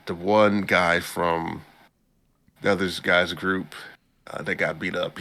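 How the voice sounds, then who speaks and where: A man co-hosting a casual podcast, animatedly retelling an anime episode and jumping into a higher voice for the characters' lines. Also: vocal fry, sharp tone. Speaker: podcast co-host recapping an anime. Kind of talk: casual chat.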